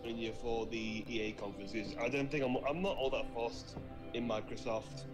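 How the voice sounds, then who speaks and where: A man's voice: mid-range voice, steady tone, normal speed, over music. A man chatting casually with a streamer, hesitant and laughing often. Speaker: call guest. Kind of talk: casual chat.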